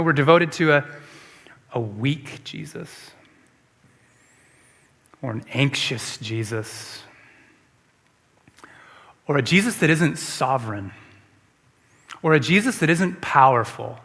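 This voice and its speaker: A man's voice: medium pitch, fairly bright tone, husky. A man preaching a sermon as a pastor, emphatic and repeating rhetorical questions to the congregation. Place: church sanctuary. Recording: long church reverb.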